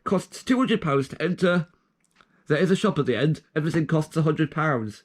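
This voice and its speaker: A man's voice: fairly high pitch, animated, normal speed, a little hiss or hum. A young man casually reading out his own joke documents, rambling and trailing off with self-aware asides. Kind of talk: casual commentary.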